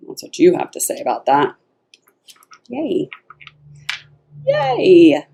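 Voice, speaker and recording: A woman giving a casual tarot reading, animated and blunt, swearing freely and laughing often. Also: a bass voice, fast, vocal fry, breathy edge. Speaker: tarot reader.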